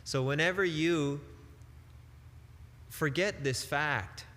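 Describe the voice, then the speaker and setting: A man giving a devotional sermon as a spiritual teacher, emphatic and deliberate, with casual turns of phrase. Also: fairly high pitch, a bit bright, in a large hall.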